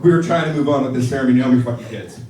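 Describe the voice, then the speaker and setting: A man's voice: medium pitch, racing, a crowd in the background. A man tells a stand-up story in a loose, profane way, bursting into acted-out quotes. He is heard from a distance on a live stage, with a roomy echo. An audience laughs all around him. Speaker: stand-up comedian; wedding professional. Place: comedy theater stage.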